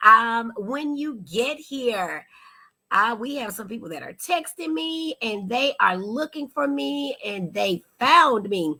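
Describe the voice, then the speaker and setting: A woman hosting a live-stream talk show from a studio, animated and chatty as she greets viewers by name. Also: fairly high pitch, slow pace. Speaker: host.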